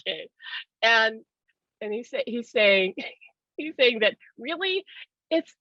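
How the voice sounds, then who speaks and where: A woman's voice: a little high, animated, takes it slowly, bright, forceful tone, no room sound. A woman hosting a casual spiritual talk, chatty, laughing often and acting out the voices she quotes. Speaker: host. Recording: dry, dull lo-fi sound.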